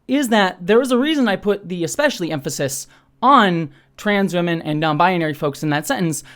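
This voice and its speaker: A woman hosting her own channel, talking through a criticism in an unscripted, reflective way, with lots of fillers. She often speeds up or slows down, and her voice jumps up on words she stresses. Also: low voice. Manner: thoughtful, self-questioning, talks through ideas with frequent fillers. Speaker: channel host.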